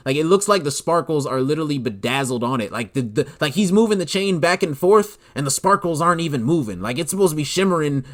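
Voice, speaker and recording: A man hosting a solo commentary podcast, talking in an animated, incredulous way and filling his speech with "like". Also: fairly high pitch, fast, hardly any pauses. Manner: animated, incredulous, leans heavily on "like". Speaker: podcast host.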